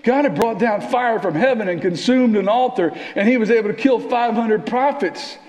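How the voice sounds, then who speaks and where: A man preaching a sermon in a church, conversational and animated, sometimes dropping to a near whisper. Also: high-pitched, moderate pace. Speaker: pastor. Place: church sanctuary. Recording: long reverb of a church hall.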